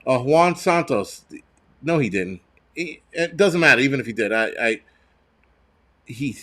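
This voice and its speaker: A man's voice: medium pitch, lively intonation, pushed and bright. Angry, foul-mouthed man ranting. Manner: angry, profane and blunt; halting restarts and repeated words. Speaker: livestream host. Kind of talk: live-streamed rant.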